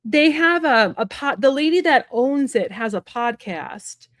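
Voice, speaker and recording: Fast, chatty woman reading tarot live. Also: high-pitched, expressive, no echo, studio quality. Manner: fast, rambling and chatty, many fillers. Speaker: psychic medium and tarot reader. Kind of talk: live-stream tarot reading, casual chat to viewers. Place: at home.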